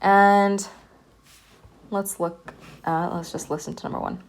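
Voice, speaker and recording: A woman's voice: lowish voice, steady tone, slow pace, vocal fry. A woman professor giving a recorded lecture, patiently repeating sounds for her students to hear. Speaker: Arabic language professor.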